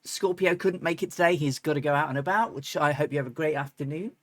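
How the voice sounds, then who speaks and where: In a dry recording, a woman with a deep voice talks fast as she streams a flight simulator. It's loose, casual live-stream chatter with lots of ums and false starts, punctuated by sudden laughs and chants.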